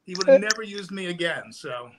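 A man's voice: high voice, fairly quick, a crowd in the background. A man telling a stand-up comedy story casually on a podcast, acting out the quotes. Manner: animated, acts out quotes. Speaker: guest comedian. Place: podcast studio.

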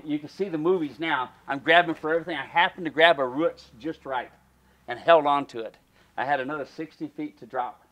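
A man's voice: fairly high pitch, a bit bright. A man coaching a group through a hands-on mule training demonstration, in a folksy, plain-spoken way that calls his audience folks.

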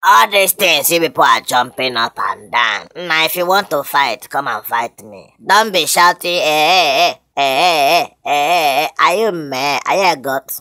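A woman's voice: low-pitched, animated, normal speed, hardly any pauses, sharp tone, no room sound. A woman playing a tough, easily provoked Nigerian brawler. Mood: threatening. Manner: confrontational, threatening, mixing Pidgin. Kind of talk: comedy skit acting.

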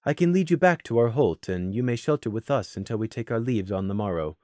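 A man's voice: mid-range voice, lively intonation, brisk, darkish tone, dry recording, clean studio sound, close to an everyday voice. A man voicing a formal, polite male stag guide who speaks courteously in old-fashioned phrasing. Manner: courteous, archaic formal speech.

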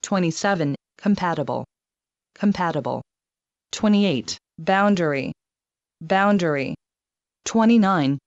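A woman reading a numbered vocabulary test, saying each word twice with pauses. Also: on the low side, no room sound. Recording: dull lo-fi dry recording.

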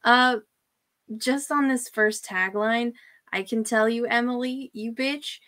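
A woman host delivers a sneering, profane rant. Her voice sits a little high, and she drags her words out slowly. She laughs often and mocks with heavy sarcasm. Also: fairly bright tone. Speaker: channel host. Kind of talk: profane ranting commentary.

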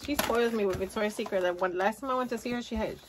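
A woman's voice: medium pitch, fast talker, noisy background. A woman vlogger opening happy mail from a friend, chatting casually and gushing over each gift. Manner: gushing, giggly, talks to viewers. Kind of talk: casual unboxing chat.

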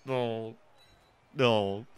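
A man's voice: mid-range voice, steady tone, extremely slow, smooth. A man chatting casually while playing a game against a friend, chuckling and muttering his moves aloud. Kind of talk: casual gameplay chat.

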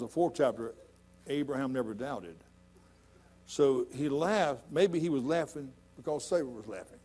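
A middle-aged man preaching a sermon in a church, folksy and conversational, building to loud emphatic points. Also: medium pitch. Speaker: pastor.

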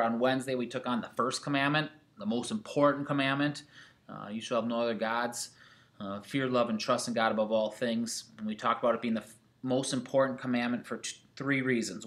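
A man's voice: mid-range voice, a bit bright. A man teaching a recorded catechism lesson to sixth graders, reading scripture aloud and numbering the worksheet answers.

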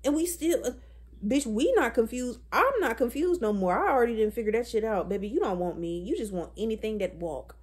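A woman in her twenties talking in a casual, blunt and profane way, animated as she vents about dating. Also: a little high, fairly quick, husky. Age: 20s. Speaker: vlogger. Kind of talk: casual chat.

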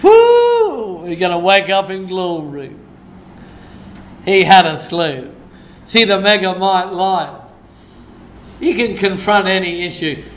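Aussie pastor preaching, high voice, slow and drawn out, bit of faint background noise. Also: male voice. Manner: lively storytelling preacher, shouts of praise. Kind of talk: sermon.

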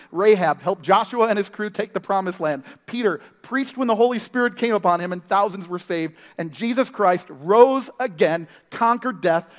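A man preaching a sermon as family ministry pastor, telling stories with playful impressions and humor. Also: high voice. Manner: animated storytelling with impressions and humor. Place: church. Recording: live sermon in a reverberant hall.

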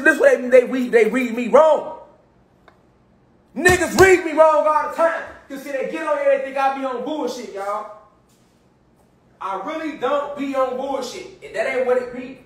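A man launches into a profane, impassioned rant, hammering the same points again and again. His voice sits high and the words tumble out quickly. The room gives his voice a roomy, echoing ring. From Chicago. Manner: emphatic, profane, repetitive street talk. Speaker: commentator.

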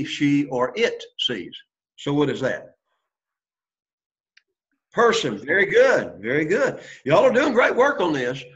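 A man's voice: a little high, a bit bright. A man teaching a Greek class, quizzing students and checking in with "okay?" and "right?". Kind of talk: classroom lecture. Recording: lo-fi classroom recording.

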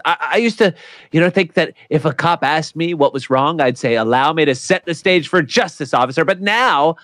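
A man's voice: fairly high pitch, expressive, moderate pace, fairly bright tone, no room sound. A man talking in character during a game roleplay, earnest and polite, stammering and using overly formal phrasing.

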